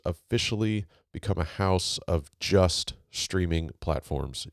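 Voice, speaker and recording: A man's voice: low-pitched, clean tone, no echo, studio quality. A man hosting his podcast in a casual, rambling monologue, speaking. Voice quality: monotone. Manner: rambling, with many fillers and restarts. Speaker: podcast host. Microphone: home recording, laptop mic setup.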